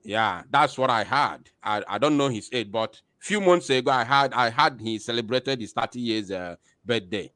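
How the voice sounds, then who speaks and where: A man's voice: medium pitch, expressive, moderate pace, few pauses, pushed and bright, no echo, studio quality. A man hosting an online show, commenting hesitantly with many fillers and rhetorical questions.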